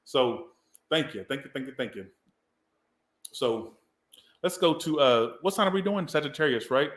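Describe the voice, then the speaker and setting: A man's voice: medium pitch, expressive, moderate pace, fairly bright tone, echoey room. A man from the Southern US, giving a casual, rambling tarot reading and swearing now and then. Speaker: tarot reader.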